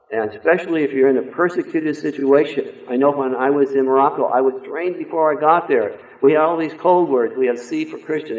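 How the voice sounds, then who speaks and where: A man preaching a sermon in an earnest, emphatic way, telling a personal story. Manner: earnest, emphatic, varies pitch and loudness for stress. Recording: echoey room over a phone-like line.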